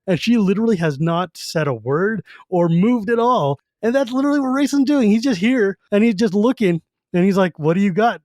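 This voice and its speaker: Animated man retelling a story. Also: sits high, brisk, no echo, clean studio sound. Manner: animated retelling, acting out characters. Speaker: podcast co-host. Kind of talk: casual book discussion.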